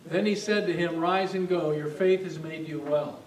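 A man's voice: steady tone, moderate pace. A man preaching a sermon as pastor, talking in a conversational way and asking the congregation questions. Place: church sanctuary. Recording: echoey hall, distant mic, faint rumble.

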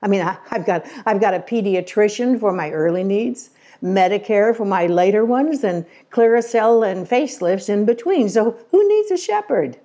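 An older woman giving an inspirational talk on scripture, telling stories with gentle humor in a conversational way. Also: medium pitch, moderate pace, hardly any pauses. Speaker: Christian Science lecturer. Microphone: remote recording.

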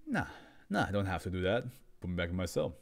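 A man's voice: low-pitched, big pitch swings, fast talker, gravelly, heavily acted. A man voicing a defiant male convict who refuses orders and makes demands. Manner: dismissive, demanding.

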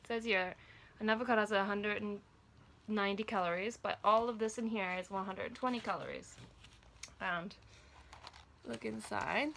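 A woman's voice: mid-range voice, fairly bright tone, a little hiss or hum. A woman reviewing snacks in a casual home vlog, chatting to her toddler between comments. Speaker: vlogger.

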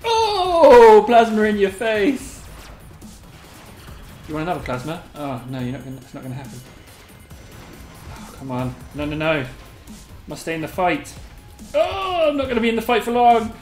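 A host giving live gameplay commentary, excitable and giggly, squealing a high catchphrase, then muttering quietly to themself. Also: moderate pace, long pauses. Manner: mutters quietly to self between bursts. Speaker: gaming video host. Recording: roomy echo, faint game music behind.

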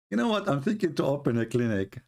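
A man hosting an online talk, speaking as an in a mocking, sarcastic way with lively storytelling. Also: on the high side, slightly rough. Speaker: online debate host. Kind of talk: casual live-stream commentary.

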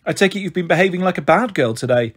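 A man's voice: high voice, animated, quick pace, breathy edge. A man voicing a kind, soothing teacher woman with a dry sense of humour. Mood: kindly. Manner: soothing and dryly humorous.

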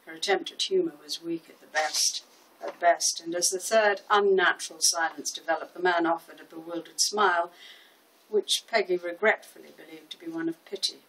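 Older actress reading a short story. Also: female voice, lowish voice, recorded from a distance, rough recording. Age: 70s. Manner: measured, expressive storytelling. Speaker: narrator. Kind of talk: audiobook reading.

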